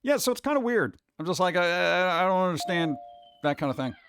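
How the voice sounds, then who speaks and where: A man hosting a live stream and chatting casually with viewers, animated and loose, often slipping into mock voices. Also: sits high, fairly quick, slight background noise. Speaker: streamer host.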